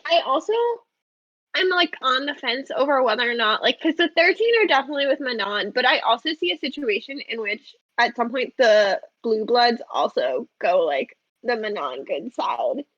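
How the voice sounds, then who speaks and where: A woman's voice: a little high, expressive, moderate pace, fairly bright tone, no echo. A woman co-hosting a book club podcast, chatting casually with lots of fillers and checking for agreement. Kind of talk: casual chat. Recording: dull, dry lo-fi sound.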